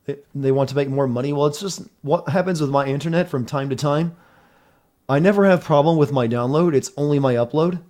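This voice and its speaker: A man's voice: fairly high pitch, brisk, darkish tone. A man streaming a video game, chatting casually with viewers about connection problems and his play.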